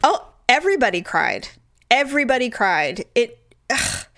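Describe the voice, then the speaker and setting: A middle-aged woman chatting on a podcast, telling a lively story and jumping high when she quotes people. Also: moderate pace. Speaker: podcast co-host. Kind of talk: casual chat.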